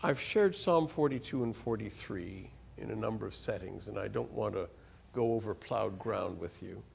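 Delivering a sermon as a guest in a church, this man speaks at a moderate pace in a creaky voice over a faint hiss or hum. He's animated, his pitch and loudness suddenly surging, and he frequently repeats or restarts words.

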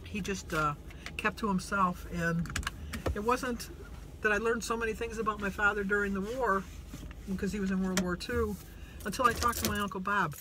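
A middle-aged man with a notably high voice talks to camera from a parked car. His casual monologue rambles, turning emotional and self-deprecating, and he often restarts his sentences. A faint hum of vehicle noise sits behind him. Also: fairly even intonation, normal speed. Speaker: vlogger on a weight-loss journey.

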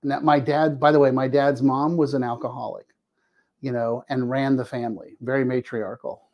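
A man's voice: mid-range voice, normal speed, muffled recording. A middle-aged man, a family addiction therapist, telling candid personal stories in a podcast interview and acting out the people he quotes. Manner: animated, acts out quoted dialogue, frequent restarts.

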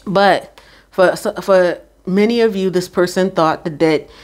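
Low-voiced woman giving a spiritual reading. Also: darkish tone. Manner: unhurried, frequent "all right?" check-ins; addresses the Holy Spirit aloud. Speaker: spiritual card reader. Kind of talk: intuitive reading monologue.

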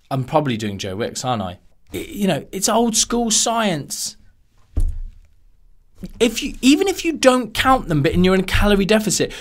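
A man hosting a podcast in a casual monologue, animated and sarcastic, wandering off on tangents. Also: fairly high pitch. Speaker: podcast host.

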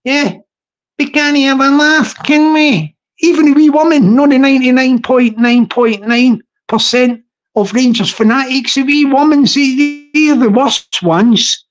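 A man's voice: very high voice, measured pace, lo-fi sound. Rambling man hosting a casual live stream, repetitive, laughs at own jokes. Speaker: livestream host.

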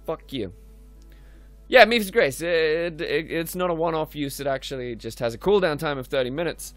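A man's voice: a little high, animated, moderate pace, a bit bright, dry recording, soft background music. A man giving casual let's-play commentary, full of profane, muttered asides. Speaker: gameplay commentator.

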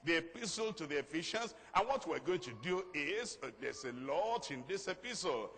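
A pastor preaching a sermon, emphatic, repeating key phrases and reading scripture slowly and loudly. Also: male voice, a little high, very animated. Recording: long reverb of a large hall.

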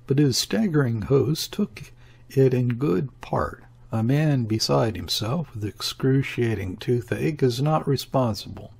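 Slow, husky male audiobook narrator. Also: medium pitch, animated, a little mellow. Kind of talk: scripted narration of a classic novel.

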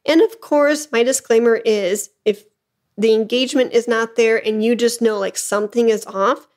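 A woman's voice: a little high, steady tone, moderate pace, darkish tone. A woman hosting her own podcast, coaching listeners in an encouraging, emphatic way and often checking in with "okay?". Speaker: podcast host, flute business coach. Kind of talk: motivational solo podcast talk.

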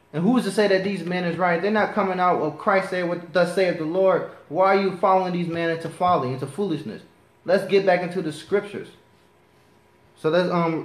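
Male preacher, slightly high voice, impassioned sermon delivery, echoey room. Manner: impassioned, rising to righteous anger. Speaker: preacher teaching a class. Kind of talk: sermon with scripture reading.

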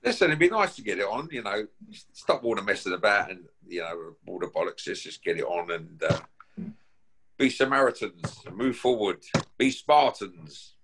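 A man's voice: on the low side, very animated, normal speed, background noise. A man from Essex with an Essex accent, a guest boxer on a call, talking in a brash, taunting, swearing way. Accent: Essex English. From Essex, England. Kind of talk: casual call-out chat.

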